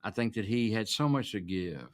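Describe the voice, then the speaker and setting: A man's voice: lowish voice, animated, normal speed. A man interviewed for a documentary, recounting a memory in blunt, plain-spoken words.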